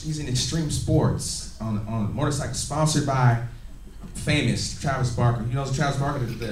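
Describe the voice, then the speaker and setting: A man giving an energetic, laughing motivational business training to a live audience in a meeting room. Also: mid-range voice, far from the mic. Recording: echoey room, recorded from afar.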